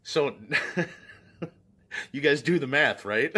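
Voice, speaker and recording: A man telling a story from his own past straight to the camera in a relaxed, chatty way. His pitch rises and falls a lot as he talks, and he keeps breaking into laughter. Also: very slow, slightly rough. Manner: laughs often while telling the story, fillers like "like" and "you know". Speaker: vlogger. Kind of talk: casual storytelling.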